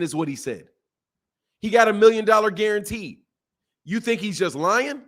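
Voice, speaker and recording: A man giving a casual boxing commentary rant, animated and full of repeated rhetorical questions. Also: high-pitched, normal speed.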